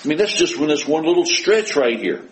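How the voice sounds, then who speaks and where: On a low-quality recording, a man with a fairly high, sing-song voice preaches fairly quickly to his congregation. His delivery is emphatic, with rhetorical questions and scripture that swells in force, then softens to a hush for heartfelt prayer.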